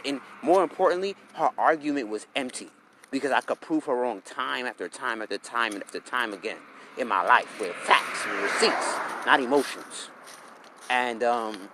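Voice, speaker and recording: A man's voice: medium pitch, sharp tone, a little hiss or hum. A man, an astrologer, venting in a heated, profane monologue straight to the viewer. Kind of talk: ranting vlog monologue.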